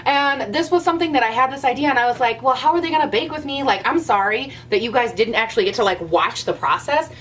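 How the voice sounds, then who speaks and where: A young woman chatting casually to her camera at home as a vlogger, animated and a bit out of breath, with playful rants. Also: high voice, fast talker, few pauses, a little hiss or hum. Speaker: beauty vlogger.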